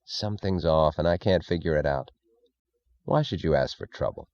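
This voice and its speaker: A man's voice: a bass voice, moderate pace, darkish tone, no room sound, dull audio. A man reading an audiobook, voicing a nervous, evasive male government leader who pleads and fidgets. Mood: helpless. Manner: pleading, fidgety, falsely casual.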